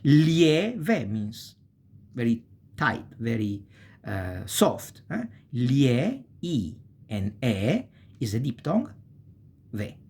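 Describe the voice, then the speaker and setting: Slow, husky male teacher. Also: mid-range voice, very animated, a little mellow. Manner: slow and deliberate, frequent checking tags like "eh?". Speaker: Italian teacher. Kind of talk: language lesson.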